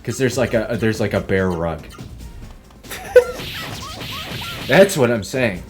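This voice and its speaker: A man's voice: medium pitch, huge pitch swings, takes it slowly, over loud music. A young man giving casual gameplay commentary as a streamer, rambling and swearing, and laughing often at his own tangents. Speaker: gaming streamer.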